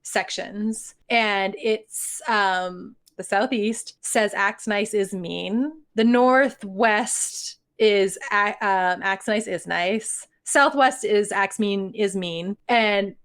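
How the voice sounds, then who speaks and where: A young woman from Ontario, Canada, co-hosting a podcast in casual chat, animated and laughing often. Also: mid-range voice, extremely slow, few pauses. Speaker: podcast co-host.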